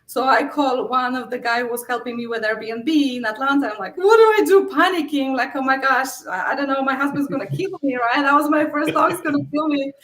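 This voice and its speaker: A woman's voice: high-pitched, steady tone, fairly quick, hardly any pauses, a bit bright. A middle-aged woman with a Polish accent, a guest telling stories in a casual interview, acting out her own quotes and laughing often. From Poland. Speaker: guest, real estate investor. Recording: echoey room.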